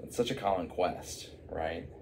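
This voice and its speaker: A man's voice: low-pitched, unhurried, noisy background. A man improvising a silly story, rambling with many fillers and asides.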